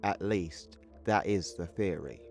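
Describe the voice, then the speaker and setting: Earnest boy scientist pitching an invention, read by a man, low and unhurried. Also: creaky, faint music behind, heavily acted.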